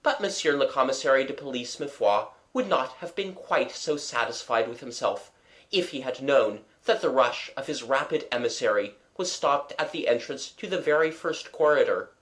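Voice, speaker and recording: A narrator reading an audiobook chapter, with expressive shifts for the dialogue. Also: medium pitch.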